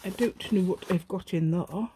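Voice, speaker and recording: Speaking at a normal pace in a lowish, mellow voice, a middle-aged woman hosts a casual crafting tutorial for her channel. She chats as she goes, thinks aloud, mocks herself good-naturedly and hums and sings to herself. A faint hiss or hum runs under the recording.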